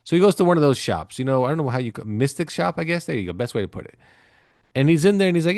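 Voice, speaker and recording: A man's voice: on the high side, big pitch swings, quick pace, darkish tone, dry recording, clean studio sound. A man co-hosting a podcast, telling a movie story in a loose, profane, rambling way with plenty of fillers. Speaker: podcast co-host. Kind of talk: casual chat.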